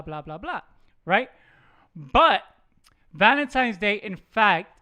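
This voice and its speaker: A man's voice: high-pitched, pushed and bright, smooth. A man hosting a podcast in casual chat, joking and stumbling over words as he reads aloud. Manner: jokey, stumbles over words while reading. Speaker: podcast host.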